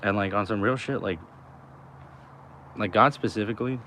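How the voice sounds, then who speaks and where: A man's voice: on the low side, moderate pace, pushed and bright, slight background noise. Slangy young man musing outdoors. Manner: loose and slangy, heavy on "you know" and "like", swears often. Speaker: vlogger. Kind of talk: rambling spiritual musing to camera.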